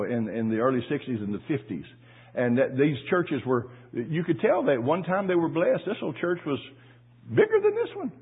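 A middle-aged man, a pastor, preaching a folksy sermon with stories, repeating his words and rising into loud exclamations. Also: mid-range voice, breathy edge. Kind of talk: sermon with storytelling. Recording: tinny phone-like audio.

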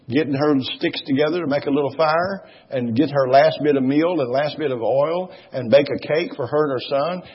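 Husky preacher man, emphatic. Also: on the high side. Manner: emphatic, repetitive, swelling into loud exhortation. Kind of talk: sermon. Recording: dull lo-fi recording.

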